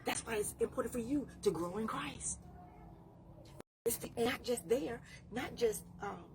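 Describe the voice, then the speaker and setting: A woman's voice: on the high side, animated, a little slow, noisy background. A woman life coach giving a faith-based motivational talk, preachy and repeating phrases for emphasis.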